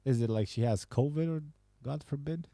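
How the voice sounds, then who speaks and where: A man's voice: medium pitch, normal speed, dark tone, dry recording. A man hosting a podcast, casually reading out and joking about viewer messages, laughing and swearing often. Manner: laughing, profane, banter. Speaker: podcast host.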